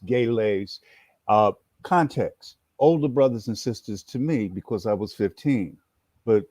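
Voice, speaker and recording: A man in his sixties from New York, an animated storyteller who acts out his story as an interview guest. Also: on the low side, dry recording. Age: 60s. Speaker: guest, former activist and educator.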